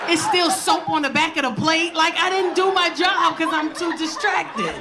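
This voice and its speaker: A woman's voice: extremely high pitch, normal speed, a loud crowd, heavy background noise. A woman in her forties doing a stand-up comedy set, telling stories in a brash, profane style and laughing often.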